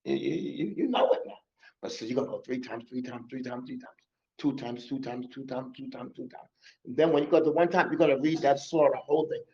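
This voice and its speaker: A man's voice: mid-range voice, fairly quick, a little mellow. A man giving a mosque lesson on memorizing scripture, coaching and repeating himself, slipping in Arabic words. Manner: repetitive, coaching, drops in Arabic words and recitation. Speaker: Quran teacher. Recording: muffled lo-fi recording.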